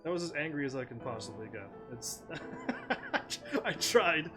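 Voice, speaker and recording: Game music plays as a man streams his gameplay, casually commenting, reading lines of dialogue aloud, and often laughing in a playful way. His fairly high voice swings widely in pitch, and he keeps a measured pace.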